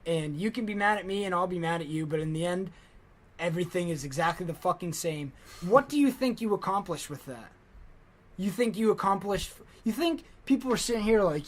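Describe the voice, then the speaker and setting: A man's voice: high voice, lively intonation, fairly quick. A man co-hosting a podcast, ranting in casual, profane, emphatic chat. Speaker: podcast co-host.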